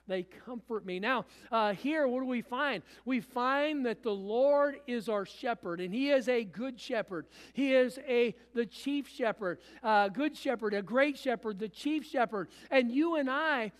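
A man's voice: very high voice, measured pace, clean tone, big-room sound. A man preaching a sermon as pastor, repeating phrases and restarting often. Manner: preaching with repetition and frequent restarts. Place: church.

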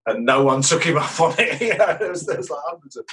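A musician guest in a radio interview, telling rambling, enthusiastic anecdotes. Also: male voice, on the high side, lively intonation, fast, fairly bright tone, recorded from a distance, poor audio.

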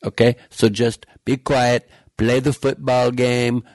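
A man's voice: medium pitch, level tone, takes it slowly, a little mellow, dry recording, natural voice. A man doing a mocking impression of a blustering male politician who rambles and repeats himself in a self-satisfied way.

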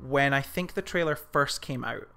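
A man's voice: mid-range voice, moderate pace, pushed and bright, clean tone. A man co-hosting a casual film podcast, swearing freely and reading comments aloud with amused relish. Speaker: podcast co-host. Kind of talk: casual film review chat.

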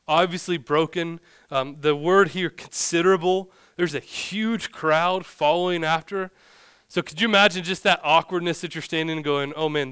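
A man's voice: on the high side, fairly bright tone, clear, resonant tone, dry recording, studio quality. A young adult man preaching a sermon, reading scripture, then retelling the story in a loose, joking way. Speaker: pastor.

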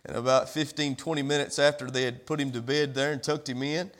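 A man's voice: mid-range voice, level tone, a little fast, fairly bright tone. A male pastor delivering a sermon in a church, with a repetitive preaching cadence and rhetorical questions. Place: church sanctuary.

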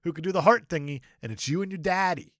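A man co-hosting a podcast, riffing playfully on a movie with quick laughs. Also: fairly high pitch, fairly bright tone, no echo, clean studio sound. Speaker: podcast co-host. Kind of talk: casual chat recapping a movie.

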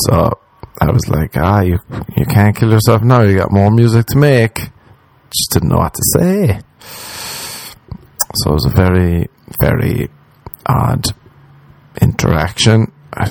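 A man's voice: low voice, gravelly, a little mellow, no echo. A young Irish man, a comedian, hosting a podcast and telling a story in a rambling, profane, self-deprecating way. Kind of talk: casual storytelling monologue.

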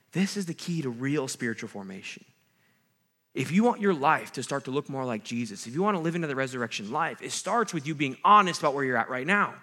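A man preaching a sermon in a fairly high, forceful voice. He talks like he is chatting with his listeners, asking them "right?" and "okay?" as he goes, switching between strong, loud points and quieter asides. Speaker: campus ministry pastor.

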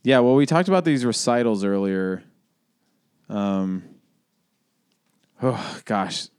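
Man, podcast co-host, lowish pitch, reflective, rambling, dry sound. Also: lively intonation, takes it slowly, a little mellow, clean tone, dry recording. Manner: reflective, rambling with many restarts and fillers. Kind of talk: casual conversational podcast.

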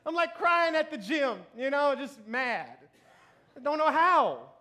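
Here a male pastor in his thirties preaches at a slow pace, his very high voice sharp in tone and highly animated. He keeps it casual, jokes at his own expense, laughs a lot, and keeps asking "you know what I mean."

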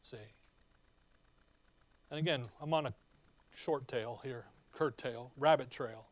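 A man preaches a sermon, reading scripture aloud and explaining it in an emphatic, conversational style packed with rhetorical questions. His voice is mid-range and his pace is slow.

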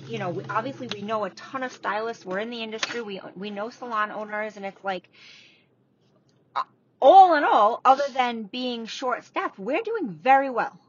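A woman's voice: on the high side, lively intonation, normal speed. A woman co-hosting a podcast from inside a parked car, chatting bluntly and casually with a bit of swearing. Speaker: podcast co-host, salon owner. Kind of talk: casual chat. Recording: dull lo-fi sound, faint background noise.

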